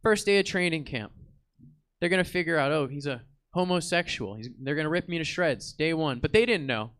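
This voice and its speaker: A man's voice: a little high, expressive, brisk, fairly bright tone, clear, resonant tone. A man voicing the ghost of a World War Two soldier, stammering and heartfelt as he tells his story. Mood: earnest. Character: earnest old WWII soldier ghost, wistful.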